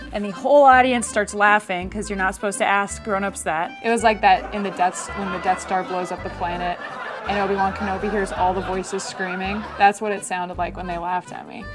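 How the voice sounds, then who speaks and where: Wry young woman telling a funny story. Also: medium pitch. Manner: wry, deadpan storytelling with casual asides. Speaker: comedian. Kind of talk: comic storytelling. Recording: music playing behind.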